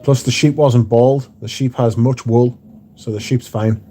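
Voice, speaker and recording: Mellow-voiced man chatting casually. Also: medium pitch, fairly even intonation, unhurried, slight background noise. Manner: laid-back, banters with viewers, casual swearing. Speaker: livestream host reading chat. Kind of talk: casual chat. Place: indoors at home.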